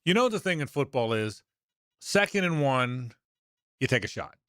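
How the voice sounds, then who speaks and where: A middle-aged man tells a sports story on talk radio at a medium pitch. He wanders through the details, stops to fix dates and names, and slips into other people's voices when he quotes them. The studio sound is close and dry. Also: sing-song, normal speed, a bit bright, no room sound. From Jacksonville, Florida. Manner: rambling, self-correcting anecdotes with quoted voices.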